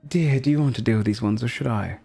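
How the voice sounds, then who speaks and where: A man's voice: medium pitch, quick pace, vocal fry, slightly rough. A man doing a cool, cruel vampire lady. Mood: cool, teasing. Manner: calm, sweetly menacing, calls others dear. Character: elegant female vampire warrior, cruel and playful.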